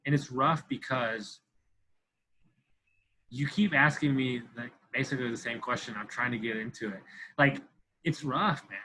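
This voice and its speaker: A man's voice: mid-range voice, moderate pace, pauses often, bright, forceful tone, slight background noise, rough recording. A man in his thirties talking as a podcast guest, intense and profane, repeating himself for emphasis. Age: 30s. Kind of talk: candid interview talk.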